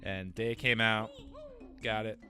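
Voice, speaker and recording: A man's voice: lowish voice, flat delivery, takes it slowly, sharp tone. A man in his late twenties, a gaming co-host chatting casually, laid-back and agreeable, adding short replies and memories. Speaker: gaming channel co-host, watching. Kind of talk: casual let's-play chat. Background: game music.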